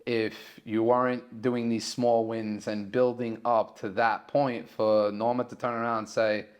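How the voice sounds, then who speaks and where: A man with a New York accent, a caterer telling a story as a podcast guest and acting out the dialogue in excited, raised voices. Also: mid-range voice, unhurried, smooth, muffled recording. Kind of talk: animated storytelling.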